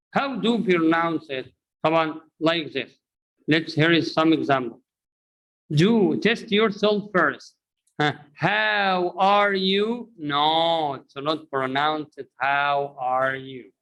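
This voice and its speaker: A man's voice: on the high side, a bit bright, rough recording. Egyptian-accented man drilling English sounds. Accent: Egyptian Arabic. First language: Arabic. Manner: switches between English and Arabic, repeats drills, prompts with "huh?". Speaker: English pronunciation teacher. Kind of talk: online language lesson.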